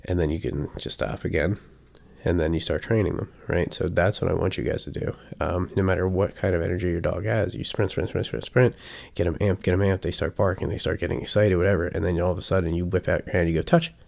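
Male dog trainer, deep and gravelly, easygoing teaching style with lively acted-out examples. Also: fast talker. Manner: chatty, often checks in with "right?"; acts out examples with sudden bursts. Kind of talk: casual teaching talk.

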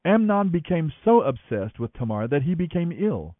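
A man reading a Bible story aloud as scripted narration, with an expressive storytelling manner, over a tinny radio line. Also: on the high side, moderate pace, dry recording. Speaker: Bible reader on a radio program.

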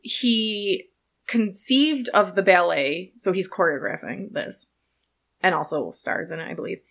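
Woman host, casual storyteller, relaxed and self-correcting on names. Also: lowish voice, measured pace, gravelly. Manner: relaxed, stumbles over names. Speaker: podcast host presenting a history segment. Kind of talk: casual chat.

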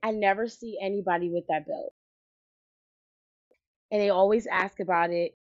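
A woman co-host chatting casually in an enthusiastic, rambling way at a middle pitch. Her recording sounds dull and dry, with no room echo. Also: fairly even intonation, normal speed. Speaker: podcast co-host. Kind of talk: casual chat.

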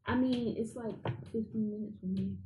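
A woman's voice: fairly high pitch, steady tone, normal speed, roomy sound, a crowd in the background, poor audio. A woman from England, chatting casually as a podcast co-host, diplomatic and a bit hesitant. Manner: diplomatic, hesitant, easily laughing. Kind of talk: casual chat.

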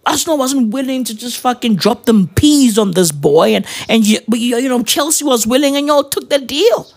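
A man's voice: very high-pitched, animated, normal speed, gravelly. A man giving a rambling, profane commentary full of slang and fillers. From South Africa. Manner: rambling, slangy, swears constantly, many fillers. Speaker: vlogger.

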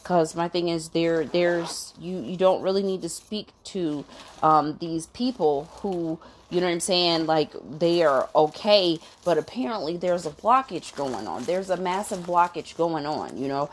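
A woman's voice: fairly low pitch, a little slow, a little hiss or hum. A woman ranting bluntly, swearing constantly and asking "you know what I'm saying?" between fired-up, indignant complaints. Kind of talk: profane venting rant.

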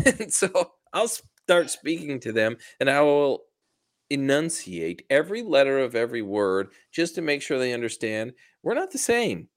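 A man's voice: mid-range voice, very animated, normal speed. A man co-hosting a casual podcast, ranting and swearing in a passive-aggressive way. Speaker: podcast co-host. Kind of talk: casual chat.

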